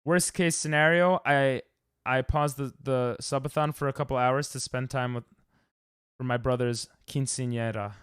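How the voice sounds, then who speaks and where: A young man streaming a game, chatting casually with viewers and yelping loudly when he loses. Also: medium pitch, steady tone, normal speed, smooth, no echo, clean studio sound. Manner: rambling, loud yelps when dying in game. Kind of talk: casual live-stream chat while gaming.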